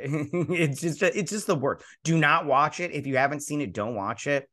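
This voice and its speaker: A man's voice: fairly high pitch, lively intonation, normal speed, a bit bright. A man hosting a casual movie review, blunt and exasperated, rambling with fillers and restarts. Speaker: host.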